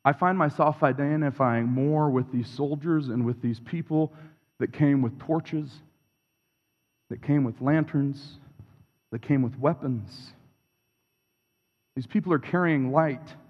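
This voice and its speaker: A man's voice: medium pitch, takes it slowly, long pauses, darkish tone. Reflective male preacher in a reverberant hall. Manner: reflective, confessional, builds through repeated phrases. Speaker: pastor. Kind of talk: sermon. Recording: long reverb of a large hall.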